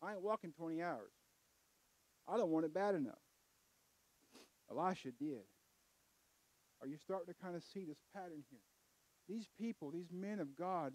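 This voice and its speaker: A high-pitched middle-aged man preaches in a folksy, conversational way that swells into loud, emphatic bursts. His voice sits close and dry, with little room sound around it. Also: no room sound, low-quality recording. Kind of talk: sermon. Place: church.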